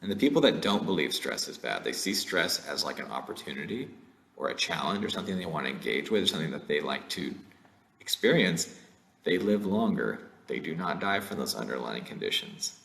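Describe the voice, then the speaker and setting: A low-voiced man with a gravelly edge gives an online lecture in a loose, conversational way. His pitch rises and falls widely as he keeps checking in with his listeners. The sound is roomy, with an echo around his voice. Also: sing-song, fairly quick, fairly bright tone. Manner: conversational, frequent "right?" and "like", jokey asides.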